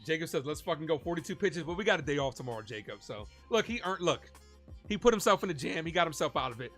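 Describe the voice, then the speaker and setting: Streaming as a fan, a man calls live play-by-play, getting excitable and shouting at the big plays while chatting with viewers and reading out their donations. His voice is a little high and he talks fast, with soft music in the background.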